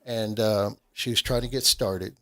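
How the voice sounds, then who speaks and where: A man's voice: lowish voice, steady tone, a little slow, a bit bright. A middle-aged man from Nashville, a radio host in casual chat, telling stories and acting out what people said. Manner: storytelling, acts out quoted voices.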